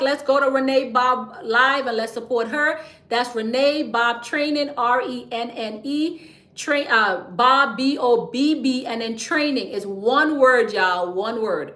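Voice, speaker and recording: A woman hosts a casual livestream, chatty and quick to laugh. Her voice sits high and sounds bright. The room around her is echoey. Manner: chatty and playful, laughs often, drops into a whisper to share tips. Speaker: livestream host teaching business credit. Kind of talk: casual livestream talk to viewers.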